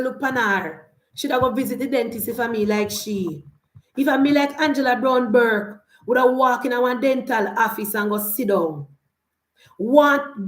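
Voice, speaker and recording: A woman's voice: high-pitched, echoey room. Fiery Jamaican woman ranting in patois. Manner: fiery, switches between patois and standard English. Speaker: political commentator. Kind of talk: heated political rant.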